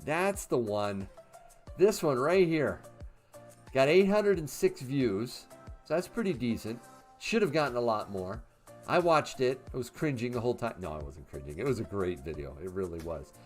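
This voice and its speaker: This mid-range male voice has a sing-song lilt and moves at a normal speed, with soft music playing in the background. He's in his fifties, running a relaxed livestream where he reads viewers' questions aloud and chats through his answers, laughing and using plenty of fillers.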